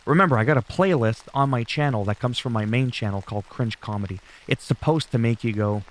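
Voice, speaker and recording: A man's voice: medium pitch, a little fast, few pauses. Chatty rambling man recapping a show. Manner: rambling, chatty, loose and profane. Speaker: wrestling recap YouTuber. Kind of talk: casual show recap commentary.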